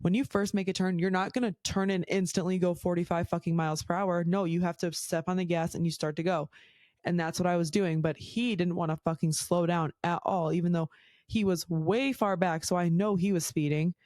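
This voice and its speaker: A woman hosting her own podcast tells stories casually and chattily, swearing a lot and saying "like" constantly. Her voice is on the low side, steady, a little fast, and darkish, with no room sound.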